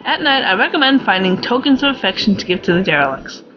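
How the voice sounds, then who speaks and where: A woman in her forties reading aloud the lines of a formal station computer guiding a robot, in a measured, instructive way. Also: mid-range voice, sing-song, dull audio, noisy background, lightly acted. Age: 40s. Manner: reads game text aloud, measured and instructive. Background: loud game music.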